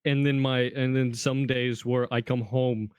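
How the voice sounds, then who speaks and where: A young man co-hosting a podcast, chatting casually and cutting in with quick asides. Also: mid-range voice, flat delivery, a little mellow, smooth, no echo. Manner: quick interjections, laughing asides. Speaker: podcast co-host. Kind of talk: casual chat.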